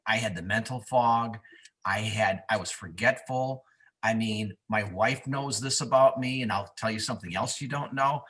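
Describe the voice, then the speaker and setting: A man's voice: mid-range voice, bright, forceful tone. A man on a video call telling his story in a candid, self-mocking way. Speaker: guest on a business video call. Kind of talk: casual testimonial chat.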